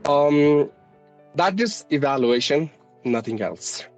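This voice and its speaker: A man's voice: a little high, animated, slow, rough recording. Earnest, formal man from India. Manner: formal and earnest, polite "ma'am". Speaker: English teacher, channel host. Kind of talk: conversational interview. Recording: faint background music.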